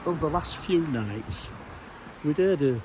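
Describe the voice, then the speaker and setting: A man's voice: fairly high pitch, lively intonation, measured pace, background noise. A middle-aged man and former police officer giving a casual, rambling walking tour outdoors, with dry humour. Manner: meandering, anecdotal, dry humour. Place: outdoors in a small town.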